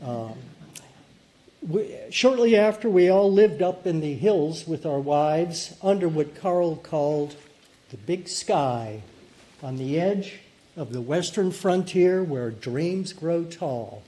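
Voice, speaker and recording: An older man in his seventies speaks at a service with a slightly raised, mellow voice. He talks in a relaxed, rambling way, filling pauses with ums and uhs. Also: a little high. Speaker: lay leader lighting the chalice. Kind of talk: casual spoken remarks at a service.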